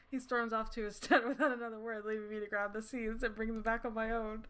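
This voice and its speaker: A woman streams a story game with a slightly high voice. She reads its dialogue aloud and reacts in loose, giggly, casual chatter, swearing freely. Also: fast, hardly any pauses, smooth. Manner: giggly, animated, swears casually, breaks into laughter.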